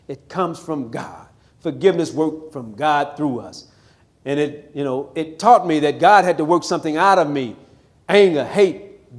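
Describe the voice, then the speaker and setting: A man of around sixty from Missouri, a pastor giving a live testimony talk in a chapel with emphatic, preacher-like storytelling. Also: fairly high pitch. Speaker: pastor telling his life story.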